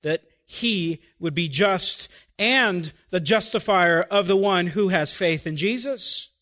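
A pastor in full sermon mode, his voice sitting unusually high for a man. The tone is bright and forceful. He asks the congregation pointed rhetorical questions and lets some phrases sink to a hush before building back up. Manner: drops to quiet, slow phrases then rises again.

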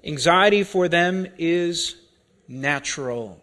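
Slow, high-voiced male preacher. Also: a bit bright. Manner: deliberate, repeats key words for emphasis. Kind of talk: sermon.

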